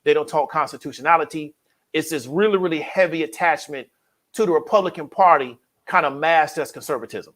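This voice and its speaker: A man hosting an interview, setting up his questions in a measured, explanatory way. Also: a little high, fairly bright tone. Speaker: interview host.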